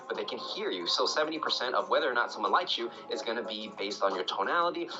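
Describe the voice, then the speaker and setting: A man's voice: mid-range voice, dull audio. A man teaching cold-calling techniques in a casual, coaching tone, often checking in with "right?" and acting out sample phone calls. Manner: conversational, coaching, frequent "right?". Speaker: sales trainer. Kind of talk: YouTube sales tutorial.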